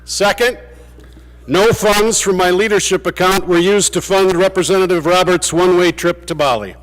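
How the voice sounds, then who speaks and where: Guy giving a farewell speech, kinda high voice, dry jokes, big echoey chamber. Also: normal speed. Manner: dry, humorous storytelling. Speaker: state legislator. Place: large legislative chamber. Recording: long reverb of a big chamber.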